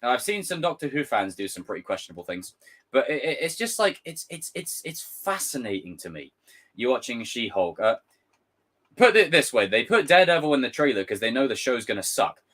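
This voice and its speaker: A young man ranting casually on a live stream, swearing freely and slipping into quick impressions. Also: mid-range voice. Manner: animated, swearing, jumps into impressions.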